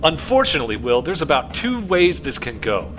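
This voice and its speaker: A man voicing a gruff male police detective who needles a suspect and bursts into shouted threats, with game music behind. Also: fairly high pitch, big pitch swings, brisk. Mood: pressing.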